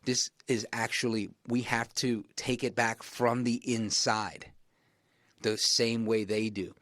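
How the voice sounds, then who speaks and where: A man delivers an emphatic talk radio monologue in a middle-range voice. He keeps rising in pitch to drive his points home. The studio sound is dry and close, with no room around him. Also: flat delivery, slow, a bit bright, no echo.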